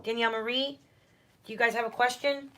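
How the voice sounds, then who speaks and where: A woman's voice: fairly high pitch, fairly even intonation, a little fast, a bit bright. A woman doing a casual livestream tarot reading at home, chatty and reassuring as she talks straight to her viewers.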